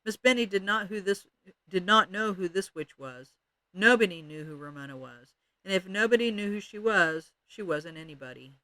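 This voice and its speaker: A man's voice: high-pitched, lively intonation, moderate pace, bright, forceful tone, no echo. A man expressively reading a children's chapter book aloud. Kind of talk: read-aloud storytelling.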